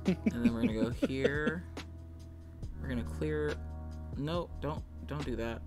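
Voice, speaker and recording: A woman's voice: sits low, big pitch swings, unhurried, creaky, loud music behind the voice. A woman streaming live, thinking aloud as she draws and greeting her chat in a casual, chatty way.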